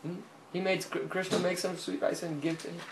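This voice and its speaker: The speaker is a man delivering a storytelling sermon with plenty of energy. He chuckles, checks in with the congregation through frequent "hmm?" prompts, and his relatively high voice reverberates in a room carrying a faint hiss.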